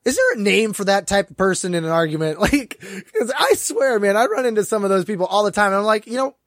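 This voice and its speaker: A man talking loosely on a podcast, his voice high and swinging widely up and down. He rambles, restarts and fills his sentences with "like" and "you know." The sound is close and dry. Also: fast talker, no room sound. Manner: rambling, animated, many fillers and restarts. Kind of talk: casual chat.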